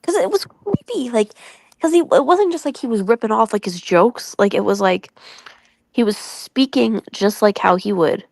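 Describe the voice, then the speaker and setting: A woman's voice: fairly high pitch, animated, moderate pace, vocal fry, darkish tone, no echo, studio quality. A woman in a casual podcast chat, speaking frankly with many "like" fillers.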